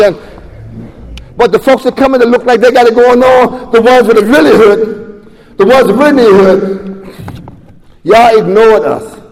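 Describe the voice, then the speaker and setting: A man's voice: extremely high pitch, normal speed, long reverb tail. A man animatedly telling his recovery story at a meeting, acting out the voices of the people in it. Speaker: speaker sharing recovery story.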